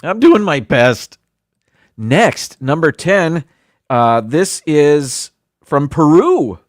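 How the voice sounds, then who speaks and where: A man's voice: on the high side, sing-song, very slow, no room sound, clean studio sound. A man hosting a casual livestream, reading a countdown list aloud with chatty asides and self-deprecating stumbles over foreign words. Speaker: livestream host.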